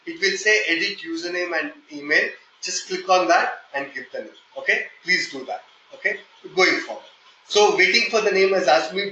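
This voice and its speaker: A man with an Indian accent teaching a live online software testing class, explaining step by step and checking in with "okay?". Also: a little high, roomy sound, highs cut off, slight background noise. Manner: explanatory, repeats "okay?" often, hesitant fillers when flustered. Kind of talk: live online training session.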